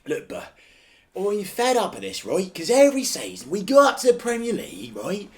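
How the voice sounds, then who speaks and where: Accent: London. Figure: a man doing a grumbling football fan, raised and louder than his own voice, pitch lifted well up and swinging about. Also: huge pitch swings, brisk.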